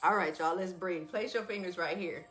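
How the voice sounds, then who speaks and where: A woman's voice: lowish voice, normal speed, a bit bright, soft background music. A woman hosting a live wellness talk who speaks familiarly to her listeners and often laughs.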